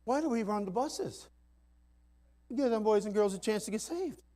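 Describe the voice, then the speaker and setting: A man's voice: high-pitched, expressive, moderate pace. Folksy emphatic preacher man. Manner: folksy, emphatic, swings from soft asides to loud climaxes. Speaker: pastor. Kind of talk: sermon. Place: church sanctuary.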